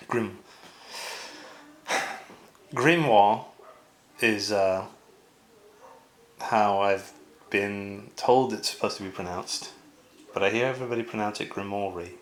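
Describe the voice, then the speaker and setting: A man's voice: lowish voice, fairly bright tone, slight background noise, poor audio. A man chatting casually as he unboxes a board game, rambling with lots of fillers and asides.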